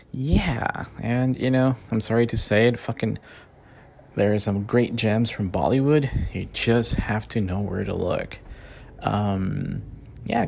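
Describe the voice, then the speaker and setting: A man's voice: fairly low pitch, gravelly, a little mellow. A man hosting a casual rant show, heated and loose, swearing heavily and filling gaps with "you know" and "like.". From Mexican-American. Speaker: podcast host.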